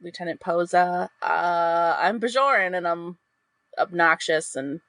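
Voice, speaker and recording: A woman playing in a tabletop podcast, expressive and laughing often in casual banter. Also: on the low side, unhurried, no echo. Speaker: podcast player.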